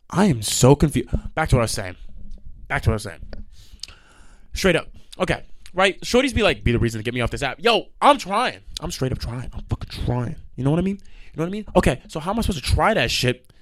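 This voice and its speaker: A young man hosting a solo podcast, ranting in an animated, exasperated way and swearing often. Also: on the high side, dry recording, studio quality. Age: young adult. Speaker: podcast host.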